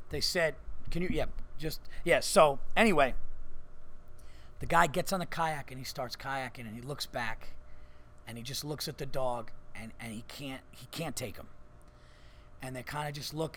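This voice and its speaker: A man's voice: mid-range voice, fairly bright tone. A man hosting a podcast, telling a long story in casual chat, swearing a lot and filling with "like". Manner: swears freely, lots of "like" fillers. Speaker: podcast host. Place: comedy club.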